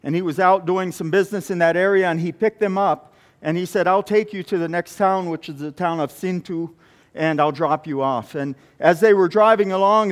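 A man preaching, retelling a missionary testimony with frequent halting restarts. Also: sits high. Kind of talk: sermon storytelling.

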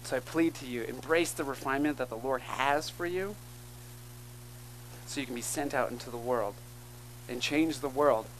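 A man's voice: mid-range voice, fairly bright tone, a little hiss or hum, rough recording. A man preaching a sermon as pastor, earnest and emphatic, calling out to the congregation between points. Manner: earnest, emphatic preaching with call-and-response asides.

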